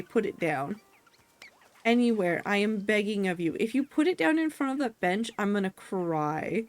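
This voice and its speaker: A woman's voice: medium pitch, expressive, normal speed, faint music behind. Playful young woman streamer. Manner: playful, mock-exasperated. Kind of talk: casual game commentary.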